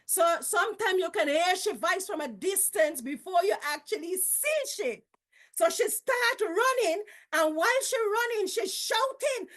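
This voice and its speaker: Guyanese lady, pretty high voice, telling stories from when she was small, folksy and lively. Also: unhurried. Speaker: storyteller. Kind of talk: casual storytelling.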